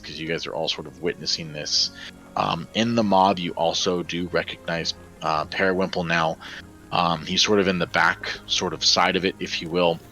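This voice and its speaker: A man's voice: deep voice, fairly even intonation, moderate pace, pushed and bright, faint music behind, low-quality recording. A man running a tabletop game as game master, narrating dramatically with many fillers.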